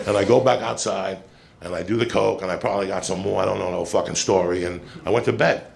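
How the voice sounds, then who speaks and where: A man telling a long stand-up story, swearing constantly and rambling in an animated way, recorded at a live comedy show. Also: low-pitched, fast talker, gravelly, slight background noise. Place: comedy club stage. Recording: live show with crowd laughing. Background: audience laughter.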